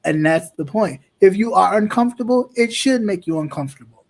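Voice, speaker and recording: A man's voice: high-pitched, animated, brisk, vocal fry, darkish tone. A man hosting a political talk show, speaking with impassioned, emphatic repetition. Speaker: host.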